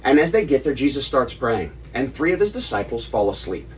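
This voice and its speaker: A man in his thirties retelling a story to his children at home, animated and stopping to quiz them. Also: medium pitch, brisk, slight background noise. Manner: animated, asks kids questions. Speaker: father leading family Bible study. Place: family home. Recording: distant mic, faint room ambience.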